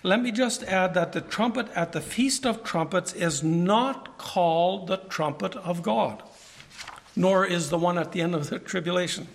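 A man with a high voice preaching a Bible lesson. He reads scripture aloud and stops to explain it to the congregation. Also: measured pace, creaky. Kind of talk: Bible teaching sermon.

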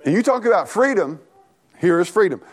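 A man preaching an animated, folksy sermon in church, talking back and forth with the congregation and laughing along. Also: sits high, fairly quick. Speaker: pastor.

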